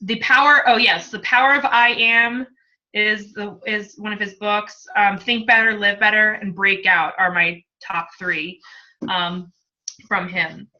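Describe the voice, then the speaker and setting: A woman's voice: mid-range voice, level tone, measured pace, pushed and bright, dull audio. A woman coach talking as a guest, candid and emotional, chatty and laughing as she tells her story. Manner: talkative, emotional, laughs often. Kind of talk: candid testimonial talk.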